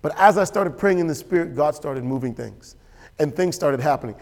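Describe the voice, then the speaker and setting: A man's voice: on the high side, lively intonation, a little fast, creaky, big-room sound. A man preaching a sermon as pastor. He talks emphatically, repeats his key lines and often checks that the audience is with him. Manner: emphatic and repetitive, asks the audience for assent.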